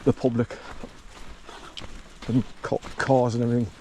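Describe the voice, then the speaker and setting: A man's voice: mid-range voice, level tone, normal speed, warm tone, a little hiss or hum. A man chatting casually to camera while walking his dog outdoors, breaking off to call the dog. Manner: chatty, talks to his dog between remarks. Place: outdoors on a rural walk.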